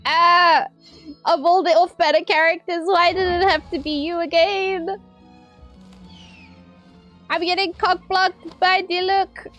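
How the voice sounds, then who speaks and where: A woman streaming a game, chatting casually with viewers, excitable and swearing, squealing at her pulls. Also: extremely high pitch, takes it slowly, long pauses, faint music behind.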